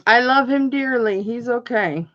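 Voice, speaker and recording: A woman's voice: fairly high pitch, measured pace, lo-fi sound, slight background noise. Chatty woman hosting a live jewelry auction. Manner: chatty, calls out bidders by name and counts down bids. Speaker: auction host.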